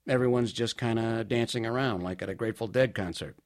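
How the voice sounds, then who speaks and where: A man performing a comic storytelling monologue in an animated, wry, mock-grand way. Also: mid-range voice, fairly quick.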